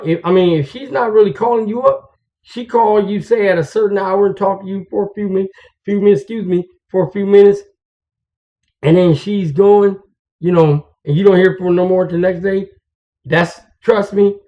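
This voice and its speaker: A man, a truck driver, telling stories and giving advice to fellow drivers in a casual, slangy, confiding way. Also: high voice. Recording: dull lo-fi recording.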